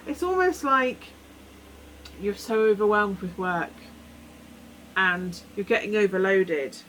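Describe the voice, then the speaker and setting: A woman's voice: fairly low pitch, slight background noise, poor audio. A woman giving a rambling, earnest tarot reading, often acting out imagined conversations. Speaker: tarot reader. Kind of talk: weekly tarot reading, casual advice.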